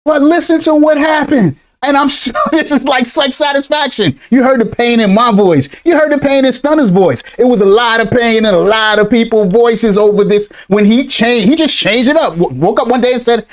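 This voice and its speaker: A man with a high voice riffs on clips in casual reaction commentary. He is animated and slangy, calls his viewers y'all, and keeps breaking into laughter. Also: fairly quick, few pauses. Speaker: crypto commentator.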